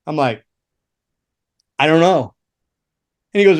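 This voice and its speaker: A middle-aged man, a former roadie and guitar tech, telling long rambling stories in casual chat, swearing often and laughing along, jumping into sudden high voices to act out the people in them. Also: animated, takes it slowly, long pauses. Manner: rambling, profane, laughs through his stories.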